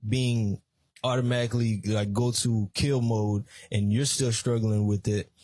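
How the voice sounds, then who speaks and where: A man co-hosting a casual faith podcast, relaxed, affirming often and sharing personal stories. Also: on the low side, a little slow, no echo. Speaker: guest co-host.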